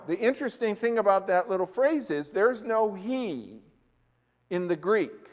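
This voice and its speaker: A man's voice: sits high, lively intonation, unhurried. A man preaching a sermon as a pastor, talking conversationally and asking the congregation questions. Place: church. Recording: echoey church hall.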